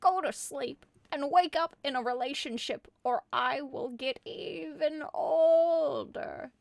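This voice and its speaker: A woman's voice: high-pitched, slow, vocal fry, no echo, voice pushed up, full character voice. A woman voicing a pushy, nagging grandmother in a comic storybook reading. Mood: scolding.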